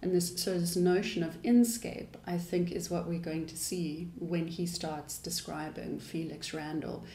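Woman, English teacher, mellow tone, roomy echo. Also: lowish voice, steady tone, a little slow, few pauses, a little hiss or hum. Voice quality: thoughtful, explanatory manner with restarts. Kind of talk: poetry lesson. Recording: echoey room.

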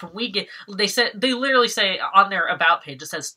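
A woman vlogger from Massachusetts chatting casually through an unboxing, excitable, laughing often and swearing when she rants. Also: mid-range voice, brisk.

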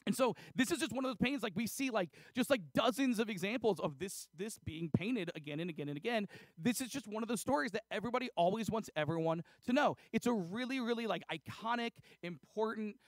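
A man's voice: high-pitched, animated, quick pace, dry recording. A man preaching a casual, chatty sermon, retelling a story with lots of fillers and acted-out dialogue. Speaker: pastor. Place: church.

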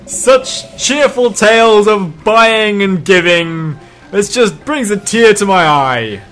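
A man's voice: high voice, lively intonation, slow, fairly bright tone, soft background music, voice pushed up, full character voice. A man voicing a cheeky, pompous male fairy lord in a fan dub of a game, talking in a theatrical, flowery way. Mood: teasing.

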